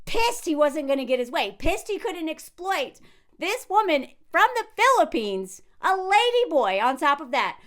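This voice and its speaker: A high-pitched woman talks through a reaction commentary in a casual, animated way. She laughs often and slips into quick impressions of the people she is discussing. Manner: animated, frequent laughs, acts out quotes in character voices. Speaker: commentary video host.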